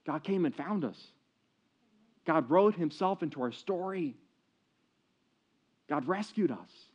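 A man's voice: on the high side, expressive, slow, breathy edge. Earnest male pastor telling a story. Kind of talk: sermon. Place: church service, streamed online. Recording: dull lo-fi recording.

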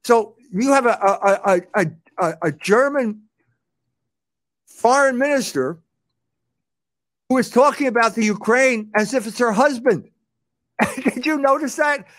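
A man with a very high voice gives mocking commentary on a clip, laughing at it and often repeating his words. The sound is dry and close, with no room echo. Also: a little slow, long pauses, a bit bright.

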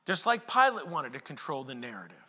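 A male pastor preaching a sermon in a conversational way that builds to emphatic shouts, in a large hall. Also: mid-range voice, big pitch swings, fairly quick, slightly rough. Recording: echoey hall with long reverb.

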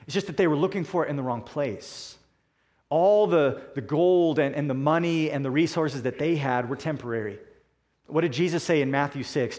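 A man preaching a sermon in a deliberate, emphatic way, slowing down to stress key words. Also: on the high side, darkish tone.

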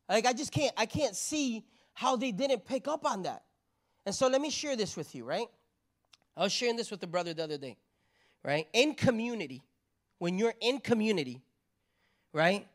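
A woman's voice: fairly high pitch, lively intonation, moderate pace, pauses often. Brief: woman preacher, chatty sermon delivery, stacks rhetorical questions, tags lines with "right?". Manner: conversational, keeps asking "right?".

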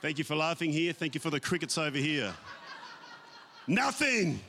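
Male pastor, high voice, very animated, emphatic drawn-out phrases, church sermon. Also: vocal fry. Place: church sanctuary.

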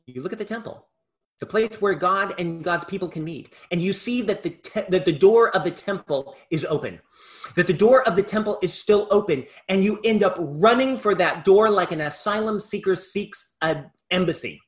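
A male preacher giving a sermon, impassioned, swinging between loud emphasis and hushed asides. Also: high-pitched, normal speed.

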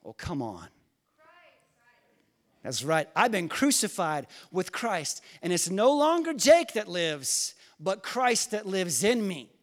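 A male pastor preaching a sermon in church, leading call-and-response and swinging between quiet, slow lines and loud shouts. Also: sits high, big pitch swings. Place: church hall.

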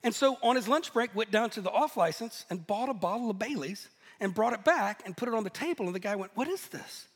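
A man preaching a sermon, telling stories in a lively, animated way and laughing at himself now and then. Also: high voice, fast, hardly any pauses. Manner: storytelling, animated, self-deprecating laughs. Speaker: pastor. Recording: echoey hall.

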